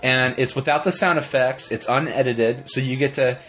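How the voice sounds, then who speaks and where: A man's voice: medium pitch, normal speed, fairly bright tone, poor audio. A man hosting a casual podcast, joking around and rambling, often correcting himself. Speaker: podcast host. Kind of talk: casual chat.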